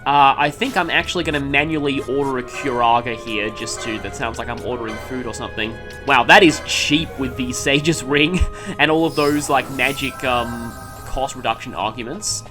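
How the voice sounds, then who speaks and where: A man's voice: mid-range voice, moderate pace, over music. A man giving casual gameplay commentary, rambling along with frequent ums and stopping to correct himself mid-sentence. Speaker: let's play commentator.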